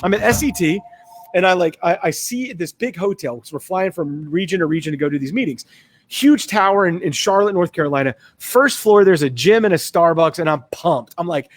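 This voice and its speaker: A man talking casually and with high energy, acting out other people in his anecdotes. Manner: energetic, fast-talking, acts out voices in anecdotes. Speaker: guest. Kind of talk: casual storytelling in a talk.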